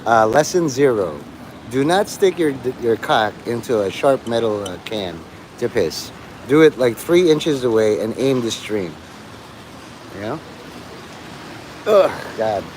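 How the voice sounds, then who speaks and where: A man's voice: medium pitch, animated, measured pace, long pauses. Middle-aged guy rambling outside in the rain, crude and cussing, bit of traffic noise behind him. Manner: rambling, crude, swears loudly at the sky. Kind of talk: rambling outdoor livestream monologue. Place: outdoors in the rain near traffic.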